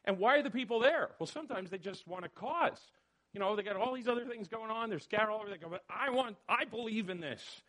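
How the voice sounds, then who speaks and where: A man leading a church study discussion, animated and questioning, calling on people by name. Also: high-pitched, quick pace. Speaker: church study group leader.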